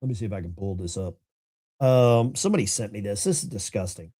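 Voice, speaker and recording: A middle-aged man hosting a call-in show, chatting in an animated, rambling way. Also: on the low side, quick pace, breathy edge, dry recording, clean studio sound. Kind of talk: casual livestream talk.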